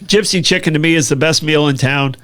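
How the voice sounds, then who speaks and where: An American man co-hosting a casual talk show, chatty and quick to joke. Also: a little high, a bit bright. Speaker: co-host. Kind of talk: casual chat.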